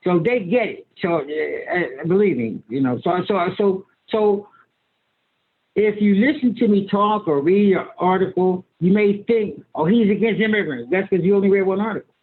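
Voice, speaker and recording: A man's voice: sits high, normal speed. Emphatic imam in his sixties, tinny call audio. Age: 60s. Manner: emphatic, folksy and repetitive, with stammered restarts. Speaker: imam and author, guest. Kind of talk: conversational lecture on a video call.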